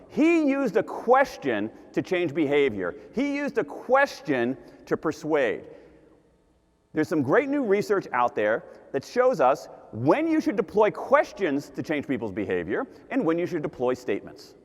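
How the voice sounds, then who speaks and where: Lively man speaking in a hall. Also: on the high side, a little slow. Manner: animated, emphatic, repeats key points. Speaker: conference speaker. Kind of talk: keynote talk to a live audience. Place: large conference hall. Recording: long hall reverb.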